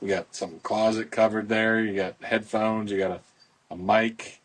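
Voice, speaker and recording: A man's voice: fairly low pitch, fairly even intonation, measured pace. A middle-aged man hosting a casual podcast, talking outdoors into a phone in a rambling, folksy promotional way. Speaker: podcast host, boat club owner.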